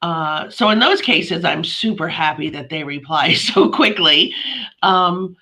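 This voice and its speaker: A woman co-hosting a casual business chat as a real estate agent, animated and acting out the quotes in her own stories. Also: lowish voice, measured pace, low-quality recording.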